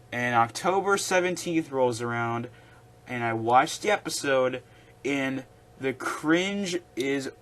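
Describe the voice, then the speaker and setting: A man's voice: mid-range voice, fairly bright tone. A young man hosting his own video, ranting casually and with exasperation, rambling with restarts. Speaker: video host.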